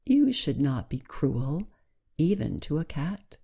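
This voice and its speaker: Woman reading as a sly, haughty she-cat from a storybook, low and unhurried, soft dark tone. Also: big pitch swings, gravelly, husky, full character voice. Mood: coaxing. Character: proud, cunning wild female cat.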